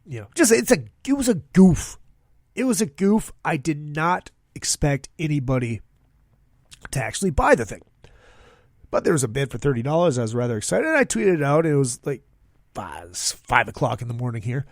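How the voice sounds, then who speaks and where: A man's voice: a little high, very animated, normal speed, no echo, studio quality. A man hosting his own podcast, talking casually in an upbeat, rambling way with plenty of fillers. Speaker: podcast host. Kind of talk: casual solo podcast monologue.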